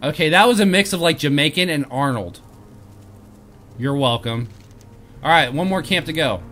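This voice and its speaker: A man's voice: fairly high pitch, expressive, normal speed, a bit bright, faint music behind. A man hosting a game let's play, reading quest text aloud and joking about himself. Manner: playful, jokey, laughs at himself. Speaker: host.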